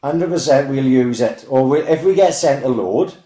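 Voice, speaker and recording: A man's voice: mid-range voice, normal speed, mellow, reverberant. A British man co-hosting a podcast, talking in a laid-back, hesitant, sweary way. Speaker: podcast co-host. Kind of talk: casual banter.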